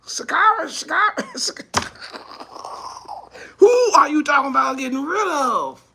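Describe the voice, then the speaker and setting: A man delivering an impassioned commentary monologue, firing off mocking rhetorical questions and often shouting. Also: extremely high pitch, expressive, normal speed, gravelly, pauses often. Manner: mocking rhetorical questions, acts out imagined speakers. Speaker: ministry speaker.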